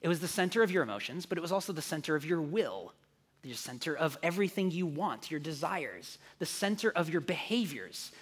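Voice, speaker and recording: A male pastor preaching a sermon in a conversational way, moving from hushed, soft passages to animated, louder ones. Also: a little high, a little fast, husky. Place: church sanctuary. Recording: long reverb of a large hall.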